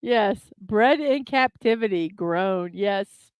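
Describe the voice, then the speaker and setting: Woman livestream host, chatty and giggly with viewers, unhurried delivery, dry room. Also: mid-range voice, lively intonation, clean tone, no room sound. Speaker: host of a daily morning livestream. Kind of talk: casual live-stream chat.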